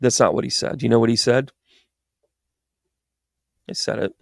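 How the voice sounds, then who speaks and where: Gravelly, rambling male commentator. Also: medium pitch, normal speed, no room sound, studio quality. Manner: rambling and exasperated, with sarcastic asides. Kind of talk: political commentary monologue. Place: New York.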